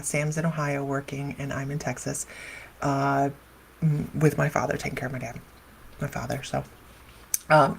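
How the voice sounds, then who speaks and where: A middle-aged woman chats casually to her live audience, drifting from one aside to the next and laughing as she goes. Her voice sits a little low and has a gravelly fry at the edges. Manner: chatty, laughing often, wandering asides. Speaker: psychic medium and live show host. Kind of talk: casual livestream chat.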